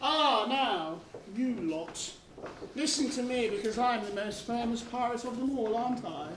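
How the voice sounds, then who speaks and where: Pantomime villain: woman as a pompous pirate captain, high and unhurried, caught from far off in a hall. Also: noisy background, close to an everyday voice. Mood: gloating. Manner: pompous, gloating, theatrical. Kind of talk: amateur pantomime stage acting. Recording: echoey hall from far off, audience.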